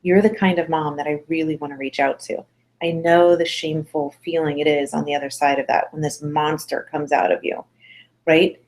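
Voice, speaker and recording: A middle-aged woman parenting instructor talking casually to mothers, chatty and encouraging, acting out little quotes as she goes. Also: lowish voice. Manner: chatty, encouraging, acts out quotes with lively voices. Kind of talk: casual webinar talk to mothers.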